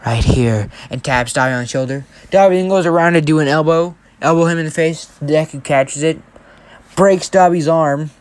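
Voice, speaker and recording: A man's voice: on the high side, normal speed, clear, resonant tone. A young man telling a story casually, rambling and often checking in with right?. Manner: rambling, keeps asking right?.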